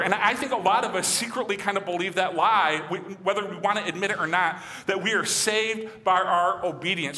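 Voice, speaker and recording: A man from Michigan who preaches as a pastor, animated and acting out quotes in his sermon. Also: high voice, fairly quick, few pauses, big-room sound. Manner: animated, acts out quotes and voices.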